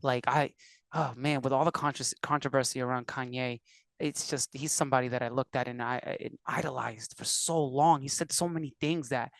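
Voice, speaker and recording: A man's voice: mid-range voice, fairly quick, creaky, no room sound. A man from Puerto Rico, a musician and producer, telling stories animatedly as a podcast guest. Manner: animated storyteller, acts out quotes. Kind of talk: casual interview conversation.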